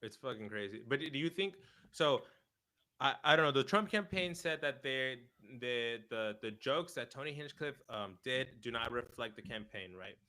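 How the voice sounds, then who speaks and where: A man's voice: mid-range voice, expressive, moderate pace, sharp tone, poor audio. A young man co-hosting a casual political chat, blunt and profane, who peppers his talk with "bro" as he gets worked up. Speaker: podcast co-host.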